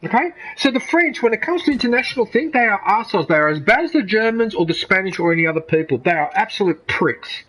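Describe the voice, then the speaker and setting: A middle-aged man with an Australian accent talks in a fairly high voice, rambling from one opinion to the next. He is a gaming streamer chatting casually over gameplay. He swears freely as he goes. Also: expressive, quick pace, hardly any pauses, bright, forceful tone, poor audio.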